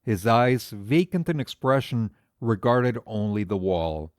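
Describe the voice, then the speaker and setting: A man narrating a classic story aloud in a measured, expressive audiobook reading. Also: lowish voice, smooth, dry recording, clean studio sound.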